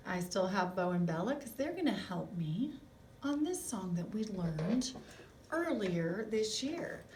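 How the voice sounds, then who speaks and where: A woman's voice: medium pitch, darkish tone, far from the mic, a little hiss or hum. A woman music teacher giving a recorded video lesson to young children, talking in an encouraging way and asking them lots of questions. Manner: slow, encouraging, asks children many questions.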